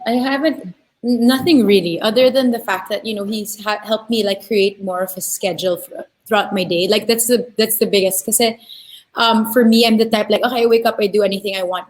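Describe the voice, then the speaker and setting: A woman, a bride-to-be, chatting casually on a video call, starting hesitantly with halting restarts. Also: mid-range voice, steady tone, low-quality recording. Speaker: guest, bride-to-be. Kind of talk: casual chat.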